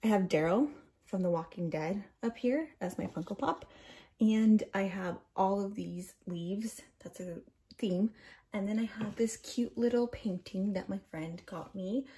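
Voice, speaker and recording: A woman's voice: mid-range voice, measured pace, mellow. A young woman in her twenties chatting casually through a tour of her bookshelves, rambling with plenty of fillers and a little out of breath. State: slightly out of breath. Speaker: book vlogger.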